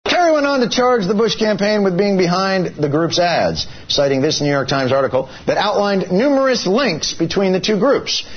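A man doing news commentary in a brisk, wry way. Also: high-pitched, lively intonation, lo-fi sound.

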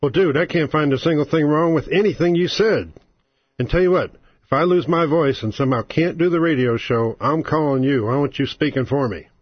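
Husky, combative talk radio host. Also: male voice, a little high, brisk, no echo, highs cut off. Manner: sarcastic, combative, rising to exasperated outbursts. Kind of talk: opinionated talk radio monologue.

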